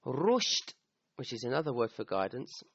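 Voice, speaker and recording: A man's voice: mid-range voice, big pitch swings, normal speed, fairly bright tone, no room sound, muffled recording. A man teaching the meaning of a Quran verse, thinking aloud with restarts and often checking in with "okay?". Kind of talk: recorded talk explaining a verse.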